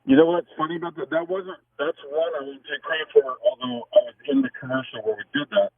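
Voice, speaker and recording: Fast-talking man on a tinny phone line. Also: on the high side, breathy edge, no echo. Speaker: guest, sports broadcaster. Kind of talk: casual chat on a phone line.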